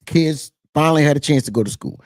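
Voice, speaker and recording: A male host with a Southern US twang giving casual political commentary straight to his viewers, animated and preachy, repeating his points and calling the audience y'all. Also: a little high, quick pace, no echo, studio quality. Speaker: political talk show host.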